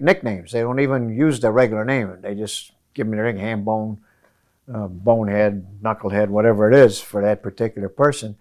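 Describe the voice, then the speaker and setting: A man who coaches high school runners gives forceful interview answers in a hotel room, circling back to his key phrases. His tone leans darkish.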